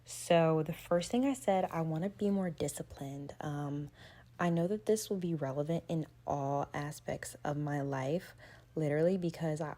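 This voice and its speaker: Young woman vlogger, relaxed and chatty, warm low-pitched voice, candid sit-down talk. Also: moderate pace. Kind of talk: casual sit-down chat about goals.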